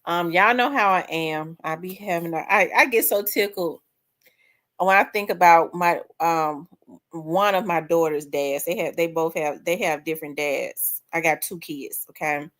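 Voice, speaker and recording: Female host, 30s, lower voice, emotional rambling talk. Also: a little slow, fairly bright tone. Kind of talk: casual chat.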